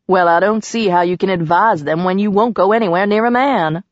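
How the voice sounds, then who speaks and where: A woman's voice: mid-range voice, a little fast, no room sound, lo-fi sound, natural voice. A woman voicing a wisecracking fortune teller. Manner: bold and wisecracking. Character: brash, teasing young woman fortune teller.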